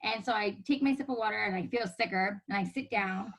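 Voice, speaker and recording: A woman in her thirties, a podcast guest telling a story in casual chat, animated and laughing often as she acts out what others said. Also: mid-range voice, a little fast, low-quality recording.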